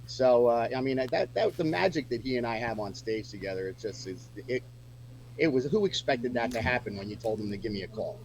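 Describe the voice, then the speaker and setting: A man's voice: medium pitch, animated, a little fast, a little hiss or hum, low-quality recording. A man chatting casually as a musician guest on a radio show, rambling with lots of fillers and restarts.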